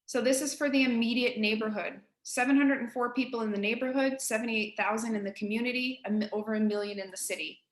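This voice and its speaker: A woman with an East Coast Canadian accent, a real estate agent giving colleagues a casual, direct software tutorial. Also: fairly high pitch, steady tone, quick pace, few pauses, reverberant. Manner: chatty, direct, addresses listeners as guys.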